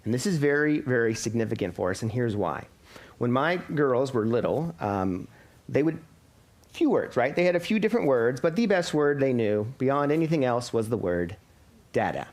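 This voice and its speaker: A man's voice: medium pitch, very animated, moderate pace, a little mellow. A man in his thirties preaching a sermon as a pastor, explaining scripture and posing rhetorical questions to his congregation.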